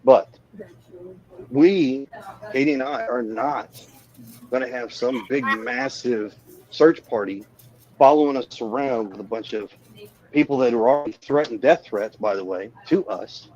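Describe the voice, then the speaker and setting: A man, a parent of a missing child, answering interview questions in a measured, defensive way with emphatic yeses. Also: mid-range voice, a little mellow, muffled recording.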